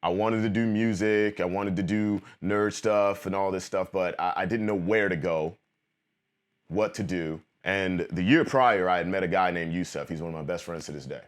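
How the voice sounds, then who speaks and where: Deep-voiced man telling a story. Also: normal speed. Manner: animated, quotes friends in acted-out bits. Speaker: vlogger. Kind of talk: storytelling monologue.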